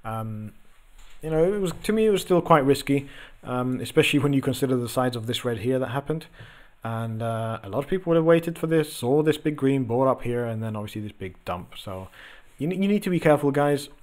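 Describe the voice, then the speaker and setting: Male host, young adult, relaxed chart-reading chatter with many fillers. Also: mid-range voice, brisk. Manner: loose and chatty, lots of ums and uhs. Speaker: host of a crypto trading channel. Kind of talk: casual chart commentary, reading viewer messages.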